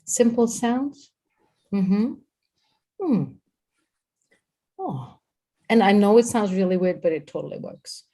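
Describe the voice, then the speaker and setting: Energetic woman coach, mellow voice. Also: medium pitch, normal speed, hardly any pauses. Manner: energetic, repeats words, talks to a co-host. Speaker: host and communication coach. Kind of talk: live-streamed coaching talk.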